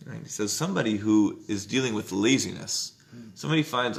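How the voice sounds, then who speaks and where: His low, animated voice moves a little fast and carries vocal fry as he leads an informal Jewish text study class. Conversational, he frequently says "right?" and loudly dramatizes inner voices.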